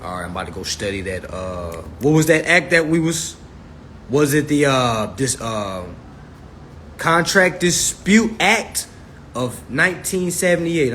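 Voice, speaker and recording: A man's voice: fairly high pitch, lively intonation, unhurried, a bit bright, a little hiss or hum. A man hosting a casual livestream, talking straight to his viewers in a loose, swearing manner, recorded on a phone. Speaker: livestream host.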